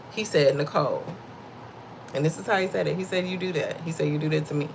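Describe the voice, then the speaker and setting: A woman's voice: low-pitched, quick pace, vocal fry, darkish tone, slight background noise, poor audio. A middle-aged woman hosting a livestream, giving a casual faith-based talk to her viewers, conversational and a bit preachy, often laughing and calling them y'all. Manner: laughs often while talking.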